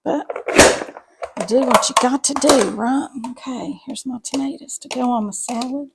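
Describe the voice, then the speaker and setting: Folksy gravelly-voiced woman. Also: sits high, normal speed, very noisy. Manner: chatty, folksy, talks to viewers as y'all. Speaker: home cooking vlogger. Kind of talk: casual cooking chat to camera. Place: home kitchen.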